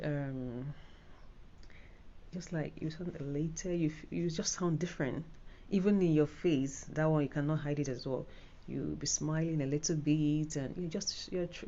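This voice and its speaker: A woman's voice: sits low, dark tone, highs cut off, slight background noise. A Nigerian woman giving a casual, rambling spoken tutorial on an exam, full of fillers and restarts. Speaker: IELTS tutor.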